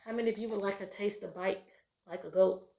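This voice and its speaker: A woman teacher reading a picture book aloud to children, often stopping to ask questions and giving the narration bright storybook emphasis. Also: mid-range voice, fairly even intonation, fast talker, gravelly, slight background noise.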